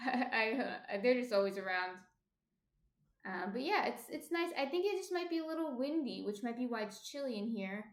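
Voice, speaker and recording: Baking at home, this streamer from New Jersey talks loosely with her viewers and lets sentences trail off into ums. She speaks at a moderate pace in a fairly high voice with lively intonation, and the room adds noticeable echo.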